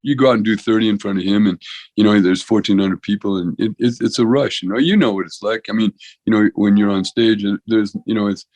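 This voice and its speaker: A man's voice: fairly low pitch, quick pace, a little mellow, dry recording, poor audio. Older man telling rambling stories. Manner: talkative, full of restarts and "you know". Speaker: podcast guest, veterinarian and comedian. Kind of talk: rambling conversational storytelling.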